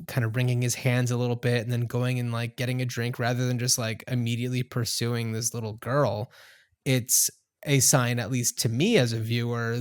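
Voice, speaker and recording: Measured man with a smooth voice. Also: mid-range voice. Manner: measured, builds his point step by step. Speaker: podcast co-host. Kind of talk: casual film discussion.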